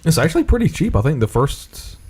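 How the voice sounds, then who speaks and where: A young man co-hosting a podcast, talking casually and excitably and swearing freely. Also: on the high side, fairly quick, slightly rough. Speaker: podcast co-host. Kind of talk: casual chat.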